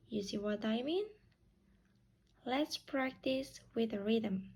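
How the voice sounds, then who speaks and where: Slow, high-voiced woman teaching pronunciation. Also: animated, creaky, breathy edge. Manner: models example phrases with exaggerated rises and falls. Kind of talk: slow, careful classroom explanation.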